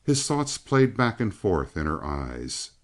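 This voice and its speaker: Male audiobook narrator, deep voice, lively intonation, measured storytelling. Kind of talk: scripted narration of a western novel.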